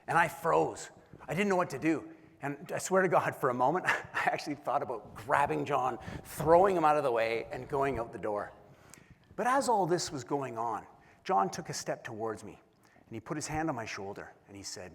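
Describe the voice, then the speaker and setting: A man speaks at an even mid pitch as he tells an animated, self-deprecating story. His voice is husky, and the sound echoes through a large hall. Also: normal speed. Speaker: keynote speaker. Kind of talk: storytelling keynote speech. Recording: long hall reverb.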